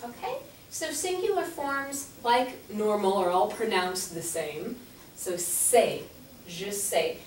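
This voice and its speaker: A woman's voice: mid-range voice, expressive, slow pace, a little hiss or hum. A woman teaching a French class, patiently explaining and spelling out words letter by letter. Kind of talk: classroom instruction. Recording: echoey classroom heard from a distance.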